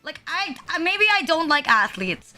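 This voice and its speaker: Very high bright streamer ranting. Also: female voice, very animated, normal speed. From Philippines. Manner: ranting, heavy use of "like", profane. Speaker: VTuber streamer. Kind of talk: casual chat. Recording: music playing behind.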